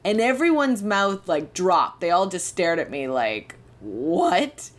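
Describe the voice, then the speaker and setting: A woman's voice: fairly low pitch, sing-song, measured pace. A young woman, hosting a podcast and telling a candid, self-deprecating personal story. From Canada. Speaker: podcast host.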